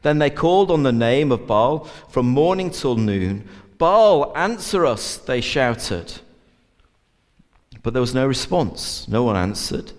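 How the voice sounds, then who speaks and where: A man's voice: mid-range voice, unhurried, a little mellow. A man preaching a sermon in an earnest way, with many fillers and restarts. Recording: long church reverb.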